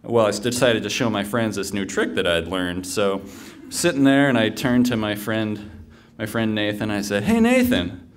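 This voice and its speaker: A man's voice: on the low side, moderate pace, a little hiss or hum. A man telling a humorous personal story live on stage, in a conversational way with fillers and restarts.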